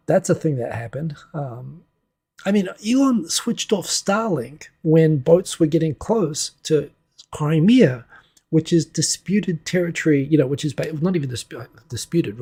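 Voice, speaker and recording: A man's voice: fairly high pitch, vocal fry, mellow, husky. A man hosting a livestream, giving casual, wry, rambling commentary on the news from a home setup into a desk microphone. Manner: rambling, wry, self-interrupting. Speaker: livestream host. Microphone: desk USB microphone.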